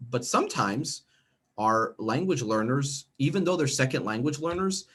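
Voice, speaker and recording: A man's voice: mid-range voice, lively intonation, moderate pace, a bit bright, breathy edge. A middle-aged American man leading a teacher training workshop over a video call, chatty and checking in with "okay?" and "right?". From United States. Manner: conversational, frequent check-ins with "okay?" and "right?". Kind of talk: professional development workshop presentation.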